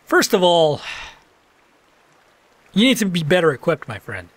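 Excitable, high-voiced man commenting on gameplay. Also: measured pace. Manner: excitable, swears casually, talks to the game. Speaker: let's play commentator.

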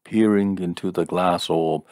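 Deep-voiced, slow male narrator. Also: steady tone, a little mellow, dry recording, studio quality. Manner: measured, deliberate storytelling. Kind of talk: audiobook narration.

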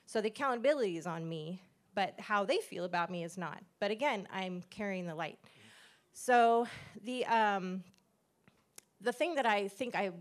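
A middle-aged woman shares a church testimony in an earnest, conversational way. She speaks at an ordinary, middle pitch and acts out the lines she quotes from others. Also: moderate pace. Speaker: pastor's wife sharing a testimony.

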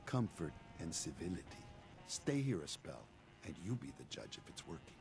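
An actor playing a smooth-talking male town leader in a video game, folksy and welcoming. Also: low voice, very animated, normal speed, darkish tone, soft background music, exaggerated voice.

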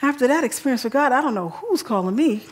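A woman giving a storytelling sermon at church, who often drops to a hushed whisper for emphasis and repeats words as she gathers her thoughts. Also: high voice, animated, fast. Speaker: church speaker.

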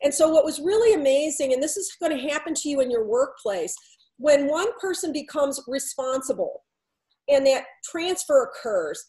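A woman with a high, light voice tells a story from her consulting work. She relays the back-and-forth of a conversation, moving between her own lines and the other speakers'. It is unscripted storytelling talk from a middle-aged speaker. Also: animated, normal speed, mellow, poor audio. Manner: recounts dialogue, shifting between herself and others. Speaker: workplace consultant.

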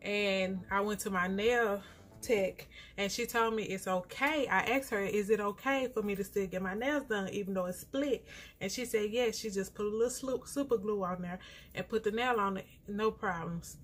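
A woman's voice: mid-range voice, moderate pace, soft background music. A young woman, chatting casually to her vlog viewers at home, venting and complaining as she does her hair. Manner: frustrated, complaining, talks to viewers as y'all. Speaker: vlogger. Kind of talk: casual chat to camera.

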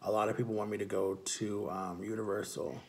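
A man's voice: lowish voice, level tone, brisk, vocal fry. A man chatting casually and upbeat in a vlog, filling his talk with "like". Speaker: vlogger.

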